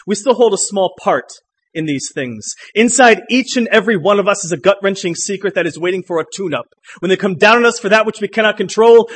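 A young man performing spoken word poetry for a live audience, moving between loud declamation and hushed lines, and bantering loosely between poems. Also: high voice.

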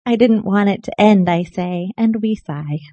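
A woman poet giving a live poetry reading, expressive in her poems and soft and chatty in the asides between them. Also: mid-range voice, measured pace, no room sound, highs cut off. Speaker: featured poet. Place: poetry night venue.

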